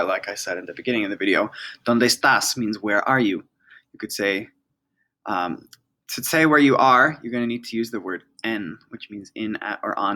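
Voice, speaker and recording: Bright-voiced man teaching a lesson. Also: lowish voice, rough recording. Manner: patient, explanatory, repeats key forms. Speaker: Spanish teacher. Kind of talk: casual video lesson.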